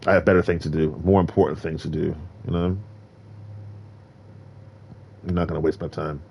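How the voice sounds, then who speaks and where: A man's voice: a bass voice, little pitch movement, moderate pace, creaky, a little mellow, slight background noise. A man streaming a game, talking straight to his viewers in a boastful, preachy, rambling way from a carpeted room. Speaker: gaming streamer. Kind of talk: rambling solo stream talk. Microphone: desk mic in a carpeted room.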